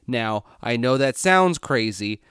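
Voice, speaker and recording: Animated man co-hosting a podcast. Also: mid-range voice, slow pace, clean tone, no room sound, studio quality. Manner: animated, swearing, laughing often. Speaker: podcast co-host. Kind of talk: casual chat.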